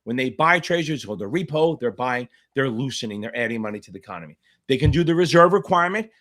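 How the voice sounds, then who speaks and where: Speaking fast at a medium pitch, this middle-aged man sounds expressive and fairly bright. He answers exam candidates in a live-streamed tutoring Q&A, bluntly and provocatively, with plenty of swearing and rambling digressions into side stories.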